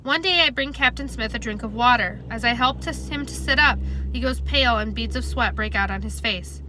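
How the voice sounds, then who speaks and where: A woman reads a chapter of a novel aloud with a bright, sharp tone and a slightly high voice. Her delivery is plain, steady and conversational, with a faint hum of noise behind her. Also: brisk, rough recording. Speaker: reader.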